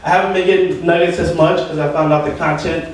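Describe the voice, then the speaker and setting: A man's voice: fairly high pitch, steady tone, quick pace. A man doing rambling, ranting stand-up comedy at an open mic. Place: open mic venue with audience. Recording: echoey room from far off, audience.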